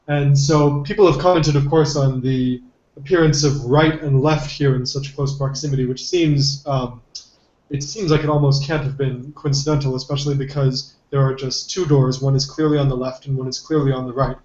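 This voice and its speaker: A man's voice: medium pitch, fairly even intonation, moderate pace, a little mellow. A man co-hosting a podcast, talking through ideas thoughtfully and hedging with many fillers. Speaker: podcast co-host. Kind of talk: casual analytical discussion. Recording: dull lo-fi recording in a roomy echo.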